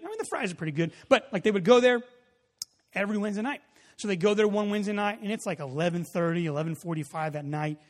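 A man preaching a sermon, telling a story in a loose, casual way with many fillers, then building to loud emphasis. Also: fairly high pitch. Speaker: pastor. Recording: long hall reverb.

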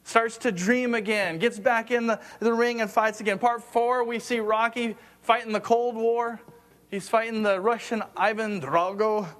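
Earnest preacher, male, high voice, conversational sermon that drops to hushed tones, repeats words mid-thought. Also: steady tone, normal speed.

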